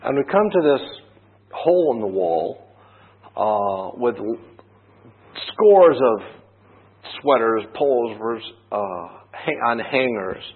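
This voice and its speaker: A man's voice: mid-range voice, lively intonation, takes it slowly, pauses often, slightly rough. A man preaching a sermon, telling a personal story in a conversational way and asking rhetorical questions. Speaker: pastor. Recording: tinny phone-like band.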